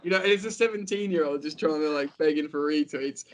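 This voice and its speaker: A man's voice: fairly high pitch, a little fast. A man chatting casually on a remote football podcast call, rambling with lots of fillers. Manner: rambling, animated, many fillers. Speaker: podcast guest. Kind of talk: casual online football chat.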